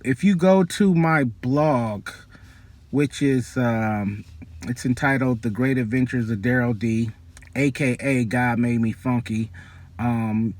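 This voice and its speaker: A man telling a personal story in a casual, animated way, full of fillers and excited asides. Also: medium pitch. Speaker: storyteller vlogger.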